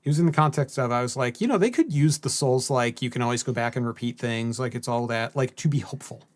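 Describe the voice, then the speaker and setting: A man co-hosting a podcast in casual conversation. He chats about games in an easygoing way, but his storytelling turns animated and sarcastic. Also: mid-range voice, quick pace. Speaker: podcast co-host. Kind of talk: casual chat.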